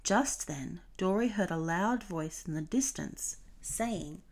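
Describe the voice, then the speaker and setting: A woman reading a children's storybook aloud, clear and expressive. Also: fairly low pitch, slow.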